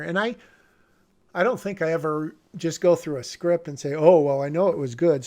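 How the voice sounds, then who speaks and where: A man's voice: fairly high pitch, creaky. A man casually commenting on a screenplay he is revising, rambling and breaking off mid-sentence with small chuckles. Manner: rambling, self-interrupting, chuckles at himself. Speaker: screenwriter vlogger. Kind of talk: casual commentary while screen-sharing a script.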